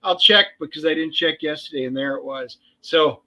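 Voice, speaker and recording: A man co-hosting a casual livestream, talking excitably in rambling, sarcastic banter. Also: on the high side, moderate pace. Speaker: co-host and writer. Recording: dull lo-fi sound.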